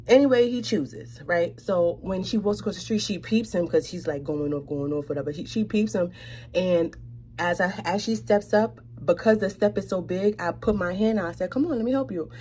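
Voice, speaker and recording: A young woman from New York tells a storytime tale with sass and animation. Her voice is mellow and warm, and it slips into hushed asides. A faint hum sits behind her. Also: on the low side, fast. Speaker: vlogger. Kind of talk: storytime chat.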